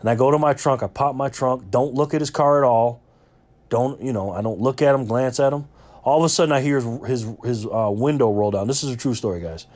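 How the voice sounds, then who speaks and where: A man's voice: medium pitch, brisk, darkish tone. A man from New York, vlogging as he tells a chatty story with lots of fillers and restarts. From Rochester, New York. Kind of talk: casual storytelling.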